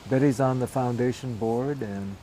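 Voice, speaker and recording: A man's voice: mid-range voice, moderate pace, warm tone, slight background noise, poor audio. An older man co-hosting a local show, speaking plainly with many hesitant fillers. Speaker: co-host, real estate agent. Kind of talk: casual promotional chat.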